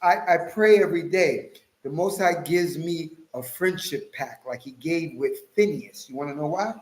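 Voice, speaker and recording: A man giving an impassioned, casual religious monologue, swinging between loud outbursts and low mutters. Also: moderate pace, roomy sound, low-quality recording. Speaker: religious commentator.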